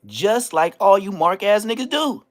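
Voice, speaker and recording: Man, middle-aged, boastful trash talk, street slang, very lively pitch swings. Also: moderate pace. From Inglewood, California. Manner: boastful, taunting, street slang, laughing asides. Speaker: vlogger. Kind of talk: trash-talking vlog rant.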